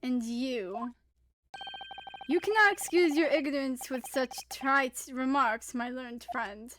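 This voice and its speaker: A woman voicing a cold, haughty male prosecutor who speaks slowly and disdainfully. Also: a bit bright, a little hiss or hum. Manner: slow, disdainful and lowered.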